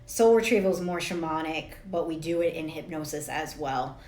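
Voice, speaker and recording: A woman's voice: sits low, moderate pace, a little mellow. A woman in her thirties, a spiritual coach talking straight to camera in a casual, rambling way, swearing freely and laughing at herself. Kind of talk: casual direct-to-camera monologue. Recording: echoey room.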